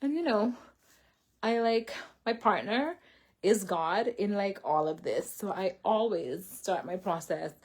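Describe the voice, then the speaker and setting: This woman has a mid-range, slightly rough voice with lively intonation, and she takes her time. Sitting indoors, she gives a casual, rambling testimony to the camera about faith and healing, full of fillers and self-corrections.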